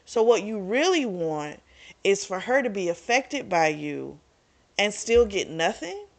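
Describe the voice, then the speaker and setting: A woman's voice: medium pitch, big pitch swings, unhurried, vocal fry. A young woman casually recapping and reviewing a romance novel, chatty and frank, swearing freely and talking straight to her viewers. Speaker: book club vlogger.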